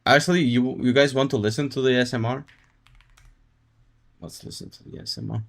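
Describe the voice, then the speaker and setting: A man's voice: mid-range voice, steady tone, fairly quick, vocal fry, soft background music. A male livestreamer chatting casually with his audience, laid-back and jokey, reacting to chat with laughs. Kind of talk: casual live-stream chat.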